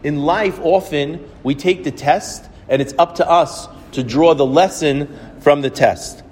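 A man's voice: a little high, unhurried, a little mellow, slightly rough, big-room sound. A male rabbi giving a reflective, storytelling sermon. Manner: storytelling, reflective, quotes others at length.

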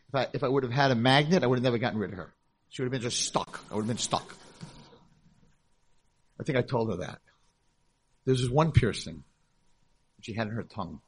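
A middle-aged man, a rabbi, telling a story to a convention audience in a lively way and acting out the voices in it. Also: mid-range voice, slightly rough. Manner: animated storytelling, acts out voices in dialogue. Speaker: rabbi and speaker. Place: convention hall, live talk.

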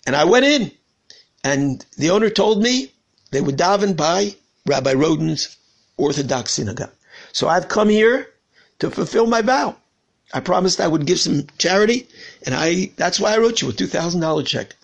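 A man voicing a sincere Texan donor while retelling a story in a lesson, plain and earnest, in his own gravelly voice. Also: sits high, lively intonation, normal speed, full character voice. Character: sincere Texan man Lenny, middle-aged, humble donor.

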